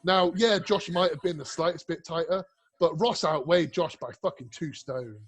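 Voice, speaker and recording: A man with a somewhat high voice talks as a guest on a casual podcast. He tells animated, rambling stories, swears freely and restarts his sentences often. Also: normal speed, a little hiss or hum. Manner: rambling, profane, lots of restarts and fillers; animated storyteller. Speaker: guest, bodybuilding prep coach.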